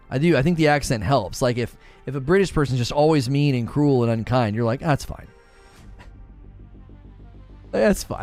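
A young adult man chatting casually on a live stream, talking with animation and laughing often. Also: mid-range voice.

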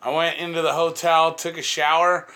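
Bright, slangy laid-back man. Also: a little high, little pitch movement, moderate pace. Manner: laid-back, swearing, peppered with "bro" and "dude". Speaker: podcast co-host. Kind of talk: casual podcast chat.

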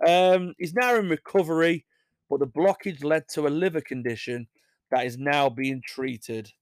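A man's voice: a little high, normal speed, no echo, studio quality. A young English man hosting a casual show, reading odd news stories and rambling through jokey asides that he laughs at. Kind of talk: casual chat.

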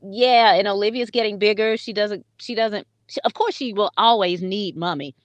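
A middle-aged woman co-hosts a casual podcast chat, telling stories with lots of laughter and acting out quotes. Her voice is medium in pitch and moves at a normal speed, captured in a dry, lo-fi recording. She's an animated storyteller who laughs often.

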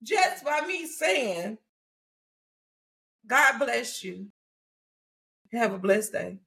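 High, gravelly woman telling a lively story. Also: very slow. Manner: animated storytelling, laughing often. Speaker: podcast host. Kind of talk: casual faith conversation.

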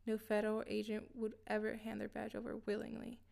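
A woman reading a scripted first-person story in a steady, even way. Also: mid-range voice, a little fast, creaky. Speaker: narrator.

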